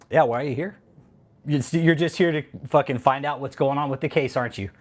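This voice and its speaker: A male livestream host shifts from casual talk to a furious, swear-laden rant, repeating the same phrases. He has a medium-pitched voice and a moderate pace.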